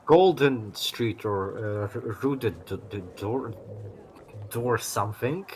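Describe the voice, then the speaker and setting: A young man co-hosting a let's play, relaxed and casually swearing as he recaps the story. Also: fairly low pitch, takes it slowly, slight background noise. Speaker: co-player.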